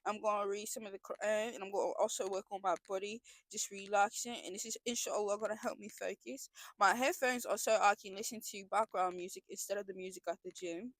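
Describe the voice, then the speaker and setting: A woman's voice: medium pitch, steady tone, fast, few pauses, no room sound. A young woman talking in a casual confessional vlog, earnest and emotional, rambling with frequent restarts. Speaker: vlogger.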